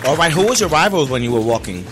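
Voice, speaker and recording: Lively-voiced male radio host asking questions. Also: on the high side, fast talker, music in the background, crowd noise. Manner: brief, casual questions. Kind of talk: interview questions.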